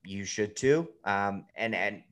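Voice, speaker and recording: A man's voice: lowish voice, animated, slow pace. A man in his thirties on a podcast, talking bluntly and swearing freely in casual chat. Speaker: podcast guest, fantasy baseball analyst.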